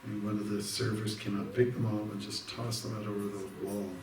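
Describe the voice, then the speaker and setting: A man's voice: lowish voice, little pitch movement, brisk. A man, a monk from Canada, giving an informal devotional evening talk, rambling through stories with many fillers and restarts. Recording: roomy hall, distant mic, faint noise.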